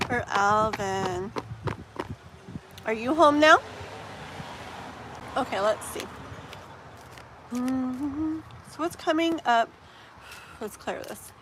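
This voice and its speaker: A woman in her thirties reading tarot on a live stream, chatting to viewers in a rambling, animated way. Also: a little high, extremely slow, pauses often, noisy background. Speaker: tarot reader.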